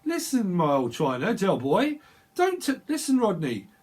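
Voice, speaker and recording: A cheeky Cockney market man, put on by a man, teases his mate in a chummy way. The voice is a little husky, sits fairly high for a man and bounces up and down a lot. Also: huge pitch swings, measured pace, darkish tone, exaggerated voice.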